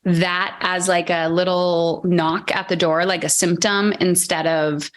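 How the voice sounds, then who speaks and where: A woman hosting a podcast interview, chatting casually and acting out her own inner voice with animated quotes. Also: lowish voice, a little slow. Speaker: podcast host.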